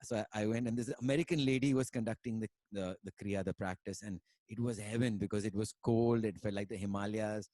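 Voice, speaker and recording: A man's voice: lowish voice, fairly even intonation, fast, hardly any pauses, mellow, dry recording. Man telling stories, dry sound. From India. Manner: rambling, many fillers, mixes in Hindi words. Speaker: musician guest. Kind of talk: casual conversation and storytelling.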